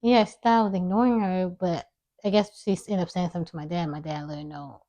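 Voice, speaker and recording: Soft-spoken young woman, mumbling low. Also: steady tone, fast talker. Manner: low, mumbling speech with a slight lisp. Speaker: vlogger. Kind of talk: casual personal storytelling to camera.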